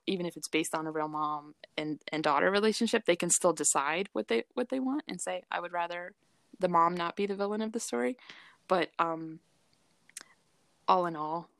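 A woman with a low, gravelly voice chatting casually as a podcast co-host. She talks in a loose, hesitant way and fills her sentences with ums and likes. The sound is dry and close. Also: no echo. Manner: chatty, hesitant with many fillers. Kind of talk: casual chat.

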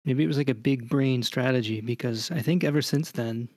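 A man's voice: medium pitch, brisk, darkish tone, dry recording, clean studio sound. A man co-hosting a casual hockey podcast, wry and laughing at his own jokes. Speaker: podcast co-host.

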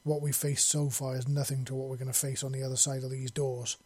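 A man reading the part of a stern older female alien clan matriarch who speaks calmly with restrained anger. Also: mid-range voice, fast talker, husky, no room sound, natural voice. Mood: grim.

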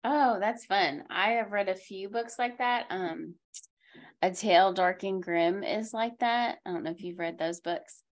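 A woman's voice: medium pitch, a little slow. A woman hosting a school library podcast, chatting casually about books with many asides and easy laughs. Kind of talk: casual book talk chat.

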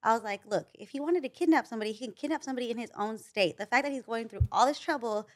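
A woman's voice: on the high side, very fast. A young woman telling a dating story in casual chat, rambling with lots of likes and restarts. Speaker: guest.

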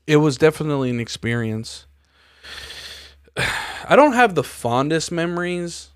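A man's voice: fairly high pitch, big pitch swings, takes it slowly, fairly bright tone, clear, resonant tone, dry recording, studio quality. A man hosting a podcast, telling stories in casual chat and acting out the voices of the people in them. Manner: profane storytelling, acts out quoted dialogue. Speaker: podcast host.

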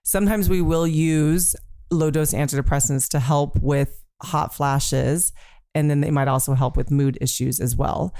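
Brief: female gynecologist guest, smooth resonant voice, dry close sound, calm and explanatory. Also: sits low, measured pace, no echo. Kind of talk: conversational medical explanation.

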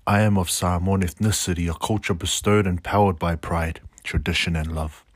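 A man's voice: low-pitched, steady tone, normal speed, no room sound, clean studio sound. A middle-aged man delivering a reflective spoken-word monologue, earnest and declamatory, slipping in casual slang asides.

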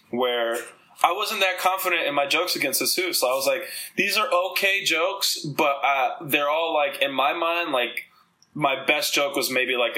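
Podcast host from the Dominican Republic, male, mid pitch, bright voice; rambling, profane, animated storytelling. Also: rough recording. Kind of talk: casual chat.

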